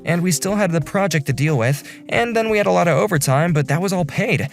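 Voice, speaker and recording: A man voicing a calm, considerate section chief who narrates and talks in a reassuring, apologetic way. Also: high voice, fairly quick, vocal fry, soft background music. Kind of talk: first-person story narration in a dubbed animation.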